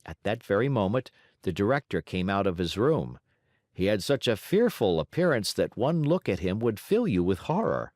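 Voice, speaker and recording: Low, lively male storyteller. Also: no echo, clean studio sound. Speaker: audiobook narrator. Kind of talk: storybook narration.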